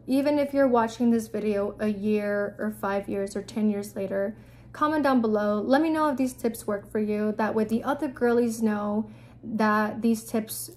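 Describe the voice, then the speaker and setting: A woman's voice: fairly high pitch, a little mellow. A young woman giving blunt, casual advice in a vlog, sprinkling her speech with "like" and swearing freely. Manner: blunt, frank, with frequent 'like' and profanity.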